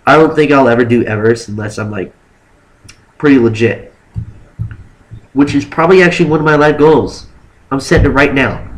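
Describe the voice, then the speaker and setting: A man's voice: medium pitch, low-quality recording. Rambling young man telling a vlog story. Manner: animated, rambling, heavy filler "like"; acts out exaggerated quotes of himself and others. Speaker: vlogger. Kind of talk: casual storytelling.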